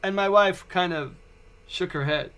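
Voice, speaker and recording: Podcast host, male, forties, high-pitched voice, casual storyteller who stumbles and restarts often. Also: moderate pace, a bit bright. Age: 40s.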